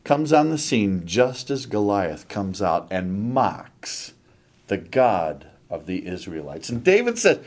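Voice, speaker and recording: A man's voice: fairly low pitch, sing-song, takes it slowly, darkish tone. A man preaching a sermon, retelling a scripture story dramatically and animatedly.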